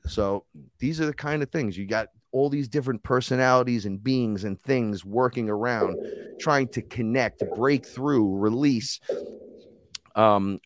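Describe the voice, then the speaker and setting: A medium-pitched man speaking at a measured pace, recorded dry with clean studio sound. He's a podcast guest, a rapper and shaman, telling a long story in casual conversation, animated and profane, swearing freely and acting out other people's voices.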